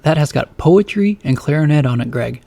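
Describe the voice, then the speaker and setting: A man's voice: a little high, lively intonation, moderate pace, gravelly, warm tone, dry recording. A man doing a stammering shy teen boy. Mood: gloomy. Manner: stammering, hesitant. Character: nervous teenage boy, shy and gloomy.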